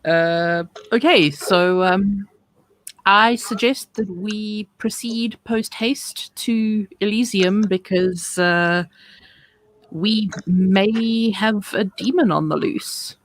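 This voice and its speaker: A woman's voice: mid-range voice, takes it slowly. A woman playing in a tabletop role-playing game, speaking expressively. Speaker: player.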